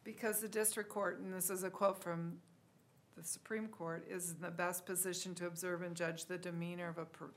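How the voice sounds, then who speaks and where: A woman's voice: lowish voice, level tone, brisk. A woman serving as judge, questioning counsel and reading case law aloud with some hesitation. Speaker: appellate judge.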